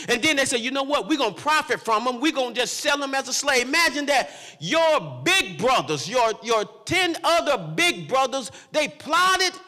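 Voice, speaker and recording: A man preaches to his congregation, calling out to them as he goes. His voice sits very high and sounds bright and forceful. A long reverb trails after his words, as in a big church hall. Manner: preaching with call-outs to the congregation. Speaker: pastor. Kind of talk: sermon.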